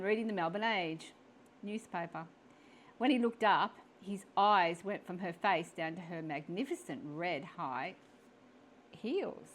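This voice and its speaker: Woman storyteller, slow read, chuckles, personal asides. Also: medium pitch. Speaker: storyteller reading her own story.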